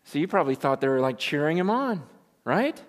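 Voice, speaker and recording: A man's voice: a little high, big pitch swings, a little fast. A man preaching a sermon in a church, emphatic and full of rhetorical questions to his congregation. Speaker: pastor. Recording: echoey hall, preached live.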